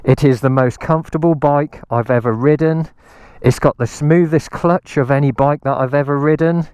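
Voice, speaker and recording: A man's voice: on the high side, steady tone, moderate pace, a little mellow, clean tone, dry recording. A man giving a casual, enthusiastic motorbike review outdoors on a hilltop, rambling with many ums. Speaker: motorcycle vlogger.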